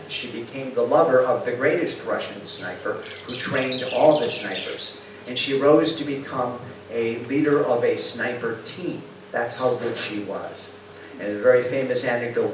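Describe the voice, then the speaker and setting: An older man with a mid-pitched voice tells stories to an audience, bringing the people in them to life and putting questions to the room. He sounds far from the microphone, and his voice rings around a very echoey hall with a faint hum behind it. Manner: lively storyteller who acts out quotes and asks the audience questions. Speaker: speaker giving a talk. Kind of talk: storytelling lecture.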